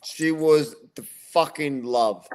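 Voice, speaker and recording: A man guests on a casual podcast and tells stories in a laid-back way, swearing often. His voice sits slightly high for a man. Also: slow pace, a little mellow, clean tone. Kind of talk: casual chat.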